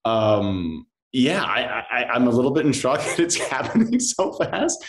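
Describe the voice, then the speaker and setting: A man in his thirties, a soap actor as an interview guest, talking in a relaxed, rambling way with many fillers and quoted asides. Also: medium pitch, measured pace, a little hiss or hum. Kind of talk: casual interview chat.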